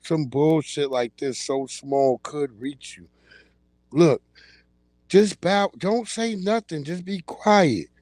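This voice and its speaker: A man hosting a livestream, chatting in a casual comedic way, laughing often and acting out loud yelled quotes. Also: fairly high pitch, takes it slowly, dry recording. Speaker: livestream host.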